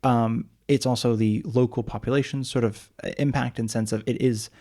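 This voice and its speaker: A man's voice: mid-range voice, steady tone, normal speed, mellow. A man co-hosting a travel podcast, chatting casually and thinking aloud as he searches for words. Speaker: podcast co-host. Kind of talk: casual chat.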